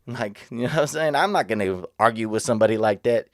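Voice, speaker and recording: A man's voice: on the low side, expressive, fast, few pauses, dry recording, clean studio sound. A man vlogging casually, rambling and earnest, with slightly slurred speech. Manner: rambling, repetitive, restarts often; earnest, motivational. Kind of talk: casual reaction vlog.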